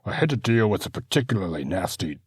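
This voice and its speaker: A man's voice: low voice, sing-song, quick pace, slightly rough, no room sound, clean studio sound, pitched above the performer's own voice, full character voice. A man playing a nervous young husband and father who stammers and hesitates. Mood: flustered, stammering. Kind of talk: audiobook character voice.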